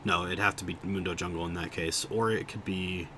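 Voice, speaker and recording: Rambling low-voiced male streamer. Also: steady tone, brisk, slight background noise. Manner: rambling, self-interrupting, thinking out loud. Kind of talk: casual livestream chat while gaming.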